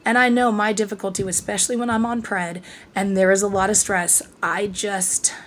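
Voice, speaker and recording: A woman's voice: medium pitch, steady tone, moderate pace, slight background noise. Breathless, worn-voiced woman vlogging frankly. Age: middle-aged. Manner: frank and confiding, swears freely, trails off and restarts. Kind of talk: candid personal vlog.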